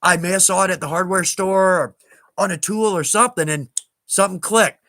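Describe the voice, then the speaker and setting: A man's voice: sits high, fairly even intonation, a little fast, bright, forceful tone, no echo. A man with a Southern US accent hosting a live stream, chatting casually and rambling a little as he answers viewer questions with self-deprecating asides.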